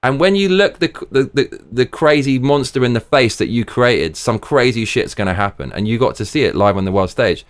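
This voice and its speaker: A man hosting a live stream, talking casually and excitably, often trailing off into mumbles. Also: medium pitch, fairly quick, hardly any pauses, clear, resonant tone. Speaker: livestream host.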